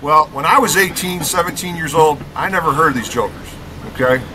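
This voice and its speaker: Animated storyteller man, slightly high voice. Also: fairly quick, background noise. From Rockford, Illinois. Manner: emphatic, keeps tagging lines with "okay?". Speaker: podcast guest, former college basketball player.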